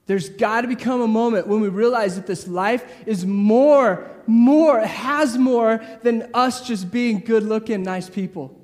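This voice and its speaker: A man delivers a sermon in a high voice. He talks casually and acts out the voices of the people in the story. His words carry a long echo from a large hall. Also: measured pace. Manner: lively, acts out crowd voices, casual asides. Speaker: preacher.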